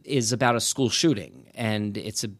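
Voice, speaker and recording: A man's voice: on the low side, normal speed. A man talking as a podcast guest, thoughtful and rambling, with many restarts. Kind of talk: casual interview conversation.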